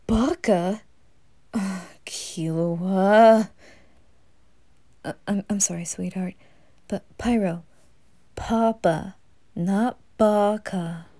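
A woman voicing a gentle, doting young father in a whispered role-play, talking softly with light laughs. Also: mid-range voice, very slow, long pauses, dry recording. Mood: amused. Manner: soft, tender, breathy whispering with light laughs.

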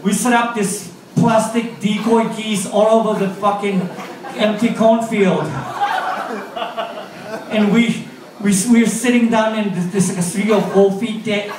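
Japanese man, stand-up comic, high voice, halting laughing delivery, distant echoey club recording with faint noise. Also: steady tone, darkish tone. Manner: halting storytelling, laughing through punchlines. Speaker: stand-up comedian. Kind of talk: stand-up comedy. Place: live comedy club. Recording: echoey club audio from far off.

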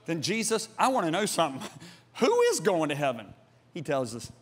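A middle-aged man preaches with a fairly high voice in a lively, emphatic style, swinging from near-shouts to hushed asides. His pitch moves widely as he presses each point. The voice rings with a long reverb, as in a large church auditorium. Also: moderate pace, slightly rough. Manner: animated, emphatic, jumps between loud and hushed. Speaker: pastor. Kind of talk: sermon.

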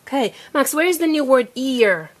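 A woman teaching a child to read at home, speaking slowly and clearly and coaxing him to repeat words. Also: high voice, lively intonation. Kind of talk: patient phonics lesson.

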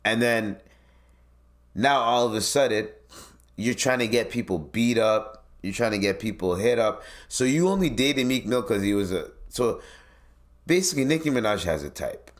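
A man's voice: fairly low pitch, expressive, normal speed. A man hosting a solo podcast, giving blunt, profane commentary in a casual ranting manner. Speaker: podcast host.

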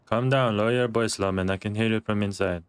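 A man's voice: fairly low pitch, steady tone, fast talker, smooth, no room sound, natural voice. A man voicing an indignant male protester in game role-play, speaking in broken English and lecturing insistently. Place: game voice chat.

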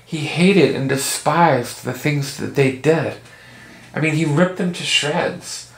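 A man's voice: a little high, takes it slowly. A man giving an earnest, conversational Bible teaching from home. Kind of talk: casual Bible teaching video. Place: at home, indoors. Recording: echoey room with faint noise.

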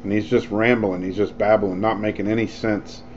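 Man, low voice, casual vlog story, rambling, dull lo-fi sound, faint hiss. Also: normal speed. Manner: rambling, animated, acts out quoted lines. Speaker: vlogger telling a story.

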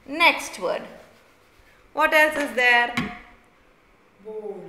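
A woman teacher, slowly sounding out and repeating words in a phonics lesson for young children. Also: a little high, big pitch swings, pushed and bright. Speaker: primary school teacher. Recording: echoey room.

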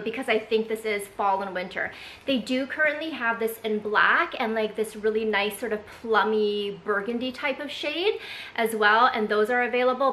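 A woman's voice: medium pitch, sharp tone, slight background noise. Chatty woman in an echoey room. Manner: chatty, rambling, many "like" and "um" fillers. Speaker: vlogger. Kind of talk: casual unboxing chat. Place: home room indoors.

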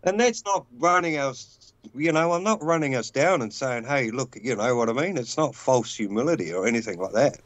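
A man's voice: mid-range voice, lively intonation, a little fast, few pauses, no room sound, highs cut off. Blunt rambling New Zealand man. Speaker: guest caller. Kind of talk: casual call-in chat.

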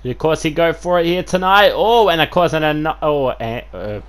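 A man giving excitable play-by-play commentary over a wrestling video game, full of fillers and sudden shouts at big moves. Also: fairly high pitch, normal speed, clean tone. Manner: excitable, filler-heavy, keeps saying "of course", bursts into shouts at big moves.

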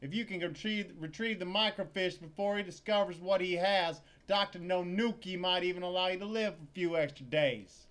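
A man's voice: mid-range voice, moderate pace, natural voice. A man voicing a dorky, rude young male secret agent who swears and barks orders. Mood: angry. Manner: abrasive, swearing, shouting.

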